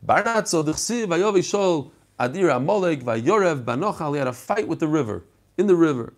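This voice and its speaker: A man's voice: on the high side, expressive, normal speed. A man teaching a text study lesson, explaining passages and animatedly acting out the story.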